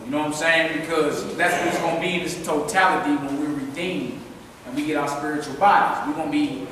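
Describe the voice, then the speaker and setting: A man, leading a scripture study with animated, slangy commentary that keeps urging the reader on. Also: fairly high pitch, a little fast, heavy reverb, in a large hall, far from the mic, slight background noise, poor audio. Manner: casual street slang, excited, urging the reader on.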